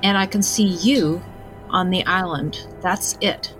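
A woman voicing a calm female archer scout who gives terse, matter-of-fact reports in a tabletop game. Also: fairly low pitch, takes it slowly, faint music behind, low-quality recording. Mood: steady. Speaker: tabletop player.

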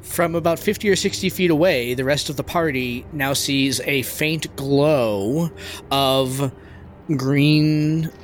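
A man's voice: medium pitch, slow, a little hiss or hum. A man running a tabletop game as game master, narrating the scene in a casual, rambling way with self-corrections.

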